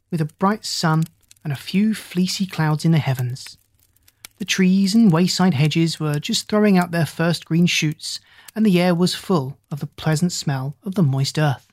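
An audiobook narrator reading a classic story in a steady, descriptive, formal manner. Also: medium pitch, dry recording.

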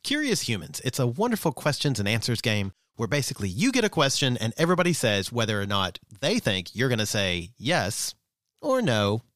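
A man's voice: mid-range voice, big pitch swings, fairly quick, fairly bright tone, dry recording, studio quality. A man hosting a podcast in casual chat, joking playfully while reading sponsor ads. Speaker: podcast host.

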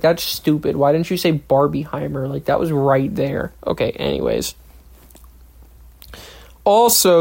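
A young adult holds a solo podcast chat in an easy, middle-pitched voice. The talk rambles from story to story. Quoted lines get played out in silly voices. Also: vocal fry, mellow. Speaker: podcast host, trainee pilot. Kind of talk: casual solo podcast monologue.

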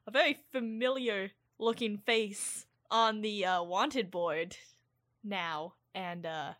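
A woman's voice: mid-range voice, fairly even intonation, takes it slowly, fairly bright tone, no room sound, clean studio sound. A woman running a tabletop game as game master, narrating in a matter-of-fact, teasing way.

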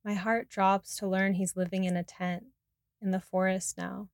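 A woman reading her personal memoir aloud in a soft, reflective, intimate way. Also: mid-range voice, little pitch movement, normal speed, no room sound, clean studio sound. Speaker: narrator.

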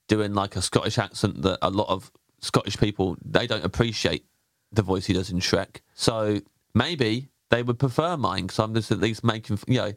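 A man's voice: fairly low pitch, vocal fry, no room sound. An English man hosting a casual chat, joking and laughing often. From England. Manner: jokey, laughs often, quick restarts. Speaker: host.

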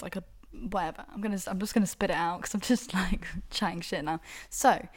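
A young woman hosts a solo podcast, telling dating stories in a candid, sweary, exasperated way. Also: fairly low pitch. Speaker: podcast host.

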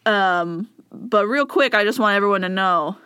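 A woman co-hosting a podcast in a loose, chatty way. She laughs often between sentences, and her voice sits at a medium pitch. The recording is dry and close. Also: normal speed, pushed and bright, smooth, no room sound. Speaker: podcast co-host. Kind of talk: casual chat.

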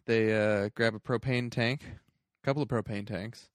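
A man's voice: fairly low pitch, steady tone, normal speed, no room sound, studio quality. A man co-hosting a podcast, from Canada, rambling through a movie recap with lots of filler words. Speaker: podcast co-host. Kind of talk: casual movie review chat.

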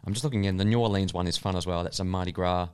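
Male podcast co-host, very low smooth voice, rapid casual delivery. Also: steady tone, darkish tone. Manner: quick, chatty, opinionated. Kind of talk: casual sports chat.

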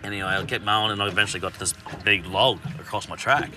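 A man's voice: fairly low pitch, fast talker, distant mic, music in the background. A man, a podcast guest, telling a story in casual, swearing, laughing chat. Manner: swearing, laughing, animated retelling.

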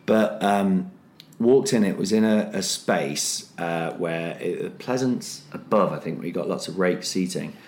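A man's voice: low voice, unhurried, darkish tone. A man, a comedian and podcast co-host, telling a loose, rambling comic story full of fillers and acted-out voices. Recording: roomy echo.

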